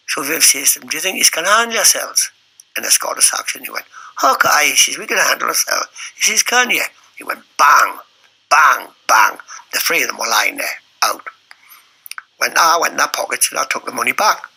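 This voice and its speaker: Gravelly, husky man. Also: mid-range voice, bright, forceful tone, poor audio. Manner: blunt, matter-of-fact. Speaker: interviewee, former publican. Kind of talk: casual storytelling.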